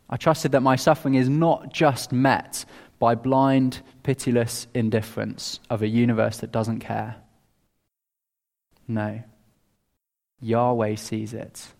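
A man preaching an expository sermon in a measured, earnest way, with small restarts. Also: medium pitch, gravelly, darkish tone. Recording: long reverb of a large hall.

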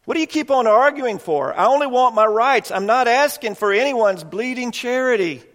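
A preacher putting on an indignant self-righteous ghost. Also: male voice, very high voice, expressive, normal speed, fairly bright tone, voice pushed up. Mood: defiant. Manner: insistent, repeats "see?". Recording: long reverb in a hall.

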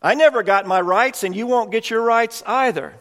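A man voicing a patient, gentle heavenly figure who reasons calmly with a ghost. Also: very high-pitched, normal speed, voice pushed up. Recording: long reverb in a hall.

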